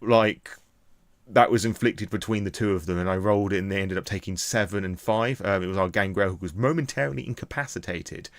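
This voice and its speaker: A young British man with a fairly low voice, excitedly recapping a tabletop game he ran as game master. He rambles, peppering his talk with fillers. The sound is dry and close, with no room echo. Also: a little fast. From Britain. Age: young adult. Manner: rambling, filler-heavy, enthusiastic. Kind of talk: casual recap of a tabletop session.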